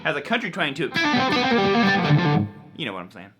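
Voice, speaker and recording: A man's voice: on the high side, big pitch swings, a little fast. A man teaching a casual guitar lesson, enthusiastic and chatty, sometimes tripping over his words. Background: electric guitar playing.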